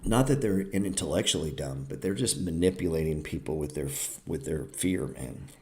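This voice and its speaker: A man's voice: rumbling low, moderate pace, warm tone. A man hosting a live-streamed trading class, talking bluntly, swearing freely and lecturing with a sarcastic edge. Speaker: trading educator and show host.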